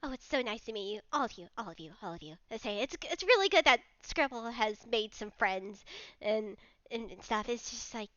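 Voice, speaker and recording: A woman voicing an excitable, dog-like woman professor who gushes, repeats herself and keeps saying "I say". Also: fairly high pitch, fairly quick, no echo, dull audio. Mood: fond. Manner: gushing, repeats herself, tic of 'I say'.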